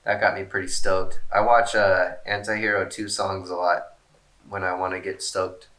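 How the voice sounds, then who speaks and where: A man's voice: sits low, level tone, moderate pace, bright, forceful tone. A man casually reading out fan questions and answering them in a rambling, laid-back way, swearing often and joking at his own expense. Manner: self-mocking jokes.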